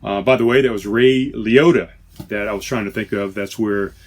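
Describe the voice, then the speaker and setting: A man with a lowish voice hosts a laid-back podcast from inside a trailer. He talks in a loose, chatty way, often stopping to correct himself mid-sentence. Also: moderate pace. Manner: rambling, self-correcting, chatty. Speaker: podcast host. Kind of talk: casual beer-tasting chat.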